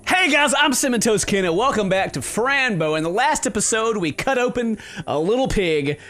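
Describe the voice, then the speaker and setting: Animated young man narrating a game. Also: sits high, moderate pace, faint music behind. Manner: animated, playful, reads game dialogue aloud in voices. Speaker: gaming video host. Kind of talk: casual game commentary with character readings.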